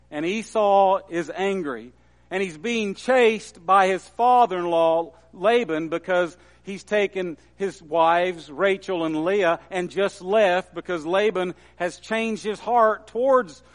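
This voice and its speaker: A man preaching a sermon in a measured way and quoting scripture with emphasis. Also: high voice, fairly bright tone, in a large hall. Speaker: pastor.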